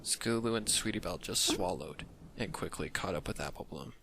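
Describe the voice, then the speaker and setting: A man narrates a dark fan fiction reading in a low, gravelly voice. His delivery is measured and often sinks into whispers. There is steady noise in his home recording.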